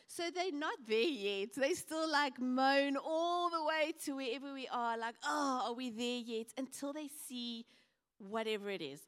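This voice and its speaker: A woman preaching a sermon, telling stories animatedly and acting out the voices of the people in them. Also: high voice. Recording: reverberant hall.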